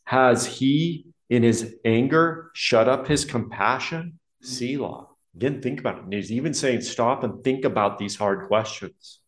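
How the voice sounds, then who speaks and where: Earnest preacher in an echoey hall. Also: male voice, mid-range voice. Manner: earnest, slows and stresses key words, drops to a hushed tone to reflect. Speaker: pastor. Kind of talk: expository sermon reading and explaining Psalms. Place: church hall with a projection screen. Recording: roomy, echoey hall sound.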